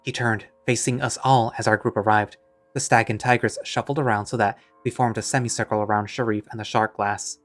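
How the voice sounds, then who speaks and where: A man with a fairly low voice narrates a first-person story in a wry, conversational manner. Faint music plays softly behind him. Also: steady tone, fairly quick.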